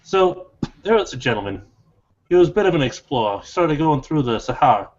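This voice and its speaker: A man's voice: fairly high pitch, sing-song, a little fast, darkish tone. Folksy man telling a long joke. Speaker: player. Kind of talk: storytelling a joke in character. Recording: dull lo-fi recording.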